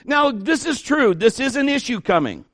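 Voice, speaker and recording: A middle-aged pastor preaching an animated sermon, acting out the people he quotes. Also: very high voice, moderate pace, no echo, clean studio sound.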